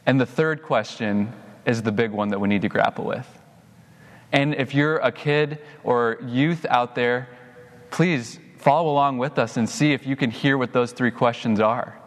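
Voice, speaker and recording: A young adult man preaching a sermon as a pastor, telling a personal story and getting animated when he quotes himself. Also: medium pitch, unhurried, in a large hall.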